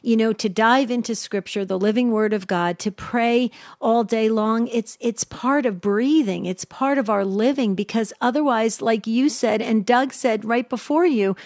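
A woman hosting a call-in radio show, warmly enthusiastic and heaping praise on her caller. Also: fairly high pitch, normal speed, few pauses, no echo, clean studio sound.

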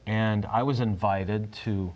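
A man in his fifties, a guest on a talk show, telling a story in a halting way with frequent restarts. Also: lowish voice, steady tone, darkish tone, lo-fi sound. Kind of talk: casual storytelling.

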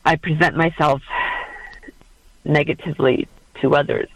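A woman calling in to a radio advice show, hesitant and halting, with many pauses and ums. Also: deep voice, fairly even intonation, vocal fry, slightly rough, no room sound, poor audio. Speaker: caller.

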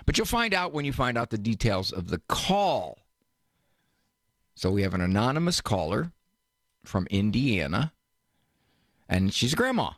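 A man's voice: medium pitch, sing-song, measured pace, pauses often, dry recording, clean studio sound. A man hosting a radio call-in advice show, joking and teasing his caller. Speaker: radio host, advice doctor.

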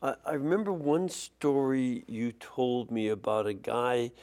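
A man, a priest hosting an interview, speaking calmly and prompting his guest with brief replies. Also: mid-range voice, unhurried. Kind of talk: conversational interview.

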